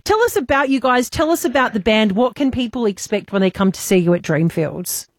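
A woman's voice: a little high, lively intonation, a little fast, no room sound. A woman co-hosting a breakfast radio interview, enthusiastic and chatty. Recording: dry studio mic.

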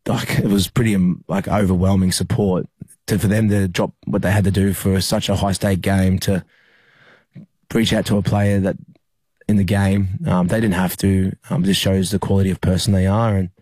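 A young rugby league player from Australia, interviewed about a personal experience, speaks haltingly with plenty of fillers and restarts. His low, mellow voice comes across flat, with no echo.

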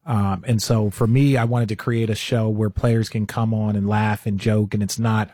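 An animated man from the United States, a guest on a radio show, telling stories and laughing a lot. His voice is slightly husky and recorded dry and close, with no room sound. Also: fairly low pitch, normal speed, dry recording. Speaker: guest, basketball analyst. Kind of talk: casual radio chat.

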